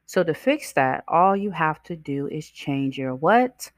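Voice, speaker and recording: Her deep, very animated voice moves a little slowly as she hosts a motivational self-help podcast. She chats with the listener, asks them questions, and acts out characters' voices in her stories. The sound is studio quality with no room sound.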